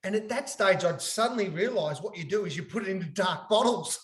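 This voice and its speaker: A man telling a lively anecdote in casual chat, laughing as he goes and acting out what people said. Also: sits high, a little fast, roomy sound. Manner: animated storyteller, laughing, acting out quotes. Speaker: guest. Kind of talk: casual storytelling.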